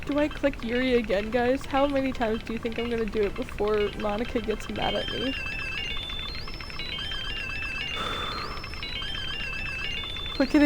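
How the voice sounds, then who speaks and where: A woman streaming a video game, reacting with gasps, shouts and swearing. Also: high voice. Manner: excitable, loud gasps and swearing. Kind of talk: let's-play commentary.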